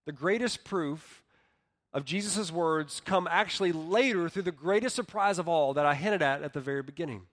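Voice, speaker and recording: Earnest preaching man, slightly high voice. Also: long reverb tail. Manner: earnest preaching, swings between soft and loud, slows for emphasis. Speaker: pastor. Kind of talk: sermon. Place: church hall.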